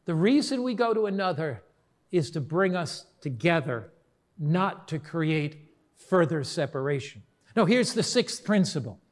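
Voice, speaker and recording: A middle-aged man preaches in a fairly high, clear register. He tells his stories earnestly and slows right down on the key words. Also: sing-song. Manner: earnest storytelling, slows for emphasis. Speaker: pastor. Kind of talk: sermon.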